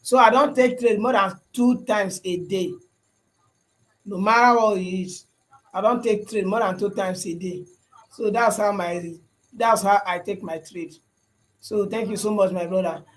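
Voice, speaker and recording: A man's voice: high voice, a little slow, poor audio. A young Nigerian man with a Nigerian English and Pidgin accent, chatting casually with viewers on a livestream and often repeating himself and asking "you understand?". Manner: repetitive, asks "you understand?". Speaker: livestream host.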